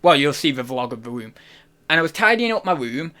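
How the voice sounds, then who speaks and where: Young guy streaming, talks into a desk mic, voice a bit high, jokey and rambling. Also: big pitch swings, a little fast, pushed and bright. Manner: rambling, self-interrupting, jokey. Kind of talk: casual livestream chat. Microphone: desk microphone.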